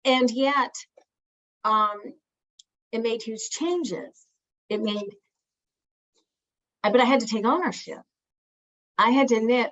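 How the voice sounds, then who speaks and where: A woman's voice: a little high, takes it slowly, long pauses, fairly bright tone, lo-fi sound. A woman family therapist giving an educational talk, speaking earnestly with frequent restarts and acting out things a parent might say. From Italian family. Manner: earnest, repeats words and restarts, acts out parent phrases.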